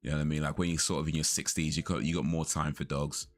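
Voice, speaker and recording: A man's voice: a bass voice, level tone, quick pace. A young man casually chatting with viewers on a live stream, rambling, correcting himself and laughing often. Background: faint lo-fi music.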